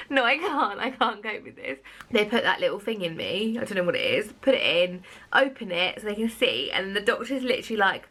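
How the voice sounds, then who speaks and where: A woman's voice: medium pitch, wildly swooping pitch, normal speed, pushed and bright. A young woman, telling a story to camera in a chatty, giggly vlog style. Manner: giggly, breathless, chatty storytelling with frequent laughs. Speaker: vlogger.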